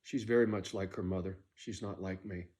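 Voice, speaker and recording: A middle-aged man with a fairly low voice delivers a bitter personal monologue to his viewers. He talks in an aggrieved, ranting way and keeps tagging his points with a quick question. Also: steady tone, a little mellow. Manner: aggrieved rant with frequent "right?" tags. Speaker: vlogger.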